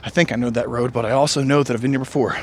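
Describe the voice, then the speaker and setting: Out on a rainy trail, a man with a medium-pitched, fairly even voice records a running vlog. He muses and cracks jokes in a rambling, breathless way, letting out long sighs, while a faint hiss of rain sits behind him.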